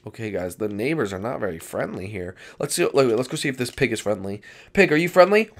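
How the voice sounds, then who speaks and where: Gaming YouTuber, male, excitable, very lively pitch, chatty with viewers. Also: quick pace, vocal fry. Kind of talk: Minecraft roleplay commentary.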